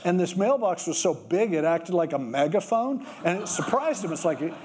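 A man preaches in an easygoing, conversational sermon voice that sits a little high for a man. He drifts into stories and explains scripture as if chatting with the congregation. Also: moderate pace, a little hiss or hum. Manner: conversational storytelling, with lively acted quotes. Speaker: pastor.

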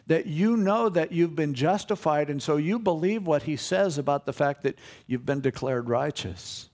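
A man's voice: a little high, a little mellow. Earnest male pastor teaching a sermon. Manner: earnest, conversational teaching with emphatic swells.

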